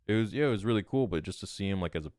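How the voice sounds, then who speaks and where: This podcast guest has a lowish voice, captured in clean studio sound with no room tone. His casual story comes alive as he animatedly quotes himself and other people in quick exchanges.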